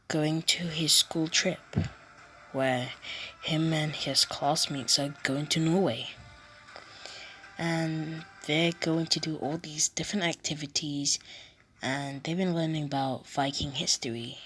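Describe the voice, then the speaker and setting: A woman's voice: low-pitched, a bit bright, a little hiss or hum. A woman narrating an invented fan story in a casual, meandering way. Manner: breathy, meandering.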